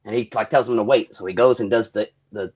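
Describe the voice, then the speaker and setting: A man's voice: lowish voice, fairly even intonation, quick pace, darkish tone, muffled recording. A man casually retelling a movie scene on a podcast, rambling and quoting lines with the odd curse word. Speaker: podcast host. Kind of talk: casual movie recap chat.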